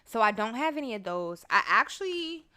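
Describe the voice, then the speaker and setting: A woman's voice: fairly high pitch, big pitch swings, a little fast, pushed and bright. A young woman hosting her own podcast, talking casually and profanely, and breaking into song now and then. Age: young adult. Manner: chatty, profane, bursts into song. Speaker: podcast host. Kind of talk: casual solo podcast chat.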